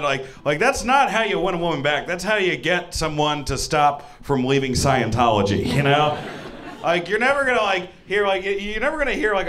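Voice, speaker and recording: A man doing a stand-up set on a club stage, self-mocking and quick, slipping into acted-out voices. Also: on the high side, fairly bright tone. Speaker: stand-up comedian. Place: comedy club stage before a laughing crowd. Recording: echoey club with audience noise.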